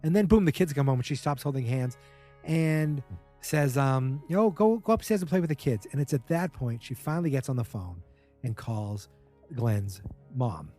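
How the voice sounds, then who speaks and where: Soft background music plays as this man, hosting a podcast, speaks at a moderate pace with a medium pitch, darkish tone, and lively intonation. Chatty and wry, he walks through a TV episode casually and imitates what the characters said.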